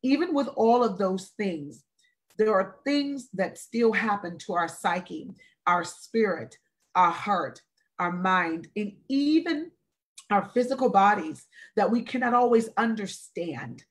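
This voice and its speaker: A woman in her forties speaks over a live stream as a wellness speaker. Her voice sits at a middle pitch, and she talks slowly and deliberately, stressing and repeating her phrases for weight. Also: expressive. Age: 40s. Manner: slow, emphatic, repeats phrases. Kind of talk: earnest, deliberate talk. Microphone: video call or live stream.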